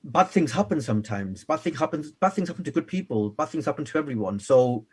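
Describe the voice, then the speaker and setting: A man's voice: fairly high pitch, fast talker. A man from the UK, a guest author telling playful, chatty stories in a radio interview. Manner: lively, chatty, playful storyteller. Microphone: radio studio microphone.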